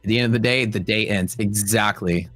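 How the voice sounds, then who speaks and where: Faint music plays behind a young man's lowish voice as he hosts a trading livestream at a fairly quick clip, recorded dry. He chats casually with the audience and live chat, joking and telling animated stories where he voices the quotes playfully.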